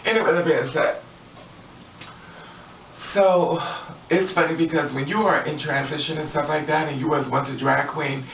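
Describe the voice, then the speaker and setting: A woman's voice: deep voice, fairly even intonation, normal speed, pauses often, a little hiss or hum. A woman talking to camera in a casual vlog monologue, sassy and profane, laughing often and acting out what people said. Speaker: vlogger. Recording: roomy, distant, dull lo-fi audio.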